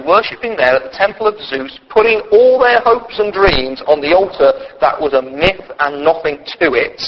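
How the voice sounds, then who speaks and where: High-voiced impassioned male preacher. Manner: impassioned, swings from quiet to loud. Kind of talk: sermon. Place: church. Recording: dull lo-fi church recording, faint noise.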